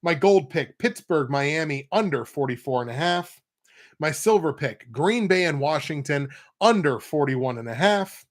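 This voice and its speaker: A man's voice: a little high, expressive, measured pace. Chatty man giving football picks. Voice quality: nasal when pinching nose. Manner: rambling, self-correcting, wry asides. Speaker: sports picks show host. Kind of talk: casual football betting talk.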